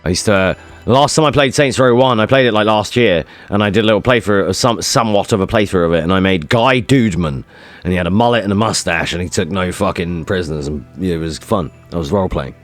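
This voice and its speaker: A man's voice: low voice, fast talker, soft background music. A male streamer chatting casually with his viewers, joking around and swearing a lot. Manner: joking, swearing, reacting to chat. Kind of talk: casual live-stream chat.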